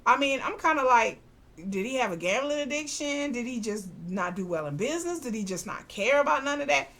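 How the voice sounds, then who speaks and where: A woman, casually recapping a TV drama, chatty and animated, acting out the characters' lines with slang asides. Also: sits high, brisk. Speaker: podcast host recapping a TV drama.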